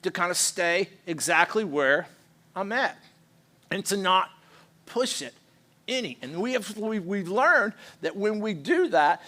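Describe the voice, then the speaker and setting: Lively high-voiced pastor preaching. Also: male voice, a little slow. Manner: lively, playful, leads call-and-response with the congregation. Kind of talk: sermon. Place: church sanctuary.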